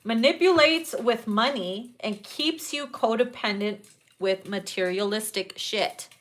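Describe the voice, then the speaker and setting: A woman's voice: on the high side, measured pace, fairly bright tone. A young adult woman giving a casual tarot reading, sassy and profane, often breaking into laughter at her own jokes. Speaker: tarot reader.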